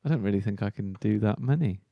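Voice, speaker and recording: A man's voice: fairly low pitch, fast talker, gravelly, dry recording, dull audio. A man with an English accent, co-hosting a podcast, argumentative and teasing, laughing often. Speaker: podcast co-host. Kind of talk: casual banter.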